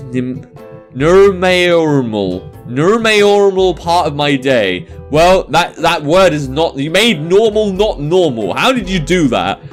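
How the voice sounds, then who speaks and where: Young male let's-play narrator, lively pitch, self-mocking rambling commentary, light music bed. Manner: rambling, self-mocking, stumbles over misspelled words. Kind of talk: reading a visual novel aloud with commentary.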